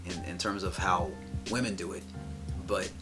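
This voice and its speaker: A man's voice: deep voice, steady tone, moderate pace, over music. A man telling a personal story in a rambling, casual podcast chat, with many restarts. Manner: rambling, restarts, quotes others in raised voice.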